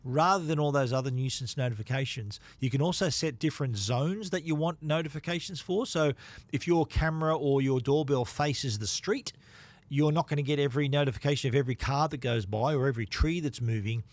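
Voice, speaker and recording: A man co-hosting a tech podcast, talking casually with restarts and quick "yep" replies. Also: mid-range voice, no echo. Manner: chatty, loose with restarts and "yep" fillers. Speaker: podcast co-host. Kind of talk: casual tech chat and read ad.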